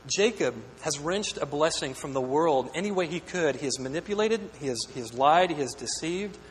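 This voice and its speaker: A man's voice: on the high side, lively intonation, moderate pace. A pastor preaching a sermon, earnest and questioning, often repeating words as he builds a point. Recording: echoey hall with long reverb, faint hum.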